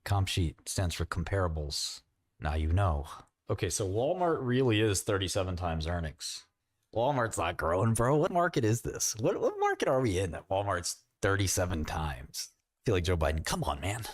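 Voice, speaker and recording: Brief: low-voiced New York man, rambling livestream host, dry close sound. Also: sing-song, no echo. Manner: rambling, quick asides, mocking questions. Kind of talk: casual livestream chat.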